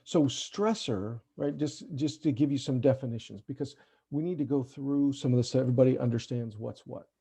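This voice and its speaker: Man, gravelly, mellow voice, parenting workshop presenter, conversational, video call mic. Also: medium pitch, brisk. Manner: conversational, checks in often with "right?". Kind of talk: online parent workshop talk. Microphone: computer mic on a video call.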